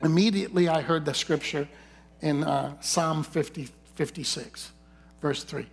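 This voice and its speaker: A man's voice: a little high, fairly even intonation, moderate pace, creaky, breathy edge. A man preaching a sermon, telling a personal story and often dropping his voice to near whispers.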